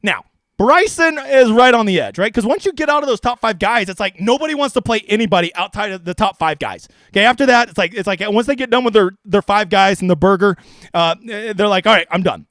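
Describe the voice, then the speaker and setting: A man's voice: high voice, animated, fairly quick, a bit bright, no room sound, studio quality. A man hosting a fantasy sports live stream, talking in a brash, profane, rambling way. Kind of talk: casual live stream commentary.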